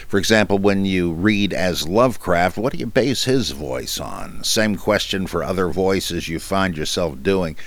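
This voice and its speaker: A man hosting a podcast, chatting casually and haltingly with many fillers as he answers listener questions, with self-deprecating humor. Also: sits low, dry recording. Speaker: podcast host.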